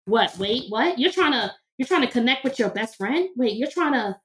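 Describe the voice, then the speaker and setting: A woman's voice: a little high, expressive, normal speed, close to an everyday voice. A woman voicing a smug man who whispers put-downs in your ear, needling and taunting.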